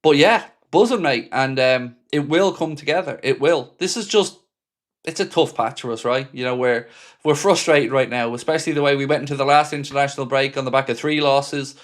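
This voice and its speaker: A man's voice: mid-range voice, a little fast. A man hosting a fan live stream, chatting casually, reading viewer comments out and answering each commenter by name.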